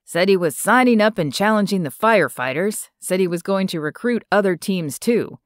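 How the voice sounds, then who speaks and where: A woman's voice: medium pitch, expressive, normal speed, no echo, clean studio sound, lightly acted. A woman voicing a young man who works at a bar, matter-of-fact and explaining things, in an audiobook.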